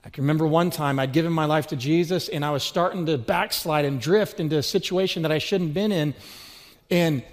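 A man's voice: fairly high pitch, a little fast. A middle-aged man preaching a sermon, telling stories with rising, swelling emphasis. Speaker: pastor.

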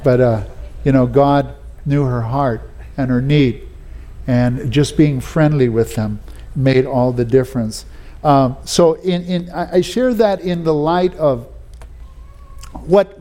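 A man with a warm, somewhat high voice preaches a sermon, sharing personal stories in a folksy style. He restarts often and says "you know" a lot.

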